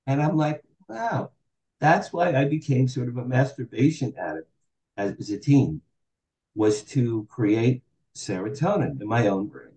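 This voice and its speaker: Medium-pitched and unhurried, the sixty-something guest speaks in an echoey room on poor-quality audio. His candid interview stories come alive as he animatedly voices the dialogue he quotes.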